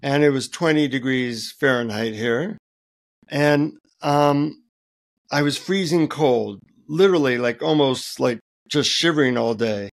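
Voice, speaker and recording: Middle aged guy w gravelly voice, easygoing storyteller, lots of ums. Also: medium pitch. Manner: relaxed, anecdotal, many fillers. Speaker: guest author. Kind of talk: interview storytelling.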